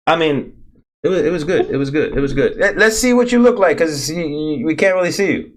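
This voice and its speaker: A man's voice: a little high, lively intonation, fairly quick. A man hosting a casual podcast chat, rambling and repeating himself with many fillers. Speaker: podcast host.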